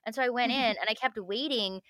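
A woman with a bright, clear voice and a fairly high pitch tells her stories with lots of energy. She laughs often and acts out what people said to her. The sound is close and dry, with no room around it. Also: a little fast, no echo. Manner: animated storyteller, laughs often, acts out quotes. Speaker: actress, podcast guest. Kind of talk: casual interview chat.

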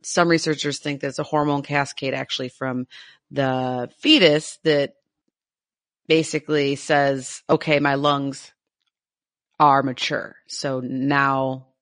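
Female podcast co-host, bright and eager, chatty, dry close sound. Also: rumbling low, fairly even intonation, slow pace, no room sound. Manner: enthusiastic, rambling, laughs often. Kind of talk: casual science chat.

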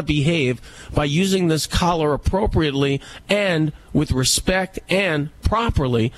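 Animated man telling stories on radio. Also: a little high, measured pace, rough recording. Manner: animated, emphatic storyteller. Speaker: radio co-host. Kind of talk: casual chat, storytelling.

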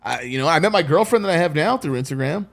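A man's voice: fairly high pitch, animated, quick pace, vocal fry. Profane young man telling a story. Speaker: podcast co-host. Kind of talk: casual chat.

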